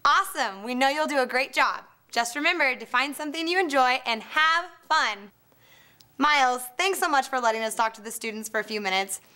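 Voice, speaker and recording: A woman's voice: sits high, expressive, brisk, clear, resonant tone. A woman cheerleader speaking to students in a peppy way, asking them to cheer and to keep active. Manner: peppy, shouts cheer replies. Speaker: cheerleader presenter. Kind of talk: school presentation.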